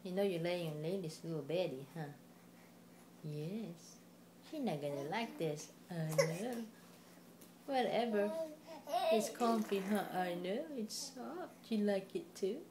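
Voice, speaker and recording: A woman's voice: on the low side, expressive, slow, noisy background. A woman at home coaxing a baby in sing-song baby talk, repeating simple words for the baby to say. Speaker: parent talking to a baby. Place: home, indoors.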